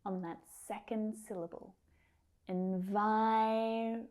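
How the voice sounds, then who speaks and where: In a pronunciation lesson, a woman says English words slowly and carefully with drawn-out enunciation, then puts them into example sentences. Her voice is on the high side, animated yet mellow.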